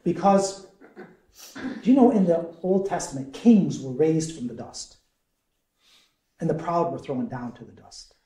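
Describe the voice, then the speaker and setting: Serving as a deacon, a man leads a conversational Bible study, animated and quizzing his group with frequent chuckles. His mellow voice sits fairly high and echoes around a parish meeting room. He speaks unhurriedly and pauses often.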